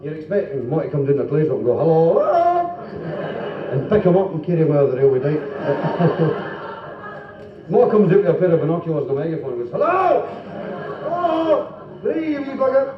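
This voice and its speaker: Scottish comic rattling off jokes, bit high voice, old muffled live tape, echoey room, heard from far back. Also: male voice, background noise. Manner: quick joke-telling with comic voices and asides. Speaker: stand-up comedian and singer. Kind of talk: live stand-up comedy with jokes and song. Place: club function room before a live audience. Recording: 1970s live club recording, roomy, dull, from far off.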